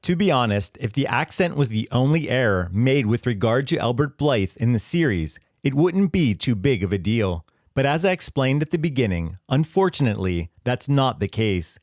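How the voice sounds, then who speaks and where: A man reading a scripted history explainer in a measured, explanatory way. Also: mid-range voice, very animated, a little mellow, no echo, clean studio sound. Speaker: history channel narrator. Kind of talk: scripted narration.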